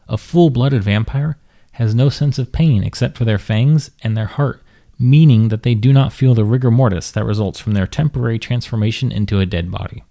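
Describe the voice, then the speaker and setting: A man's voice: lowish voice, creaky, dark tone. A man reading a first-person detective audiobook in a dry, matter-of-fact way. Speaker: audiobook reader.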